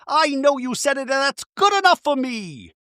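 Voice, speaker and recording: A man's voice: very animated, normal speed, no room sound, heavily acted. A man voicing a furious, confrontational woman from a reality show, ranting and cursing in heated accusations. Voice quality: shrill and shouting.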